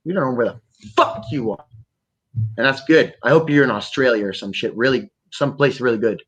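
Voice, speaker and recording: A man from Canada hosting a podcast, talking in a rambling, profane, animated way. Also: mid-range voice, fairly quick, slightly rough. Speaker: podcast host. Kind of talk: casual chat.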